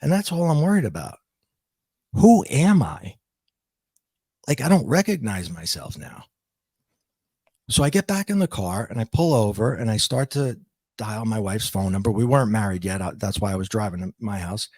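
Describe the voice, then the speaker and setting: Gravelly middle-aged man telling his story. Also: fairly low pitch, very animated, a little mellow, no echo. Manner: halting, with frequent restarts and repeated words. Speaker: podcast guest. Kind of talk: reflective personal storytelling.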